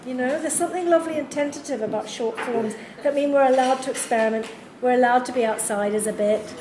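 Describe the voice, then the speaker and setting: A woman's voice: high-pitched, fast talker, hardly any pauses. A woman interviewing a writer at a university event, asking thoughtful, searching questions. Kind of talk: literary conversation at a public event. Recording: echoey room with background noise.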